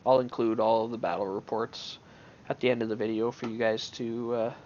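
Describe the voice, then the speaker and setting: A man's voice: mid-range voice, little pitch movement, fairly quick, darkish tone, dull audio, slight background noise. Offhand man narrating his gameplay. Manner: offhand, thinking aloud with many restarts. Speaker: gamer commenting on his own match. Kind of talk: gameplay commentary.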